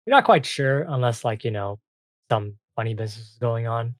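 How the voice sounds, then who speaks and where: A game master narrating a tabletop game in a loose, halting way with many fillers. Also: medium pitch, no room sound.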